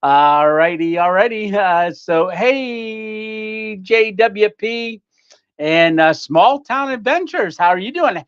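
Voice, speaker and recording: A man's voice: high voice, slow pace, a bit bright, clear, resonant tone, muffled recording. A man hosting a casual home livestream, greeting viewers by name with lots of fillers and little laughs. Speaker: livestream host. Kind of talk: casual live-stream chat. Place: home room.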